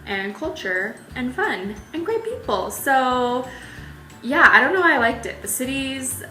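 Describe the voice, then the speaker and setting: A woman's voice: high-pitched, animated, a little slow, sharp tone. A young woman telling travel stories in a casual, chatty vlog, laughing often. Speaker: travel vlogger. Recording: echoey room with faint music.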